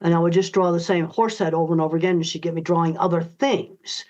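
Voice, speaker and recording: A woman's voice: lowish voice, steady tone, fast, a little mellow. An older woman answering interview questions in a blunt, emphatic, direct way. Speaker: guest author. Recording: dull lo-fi audio.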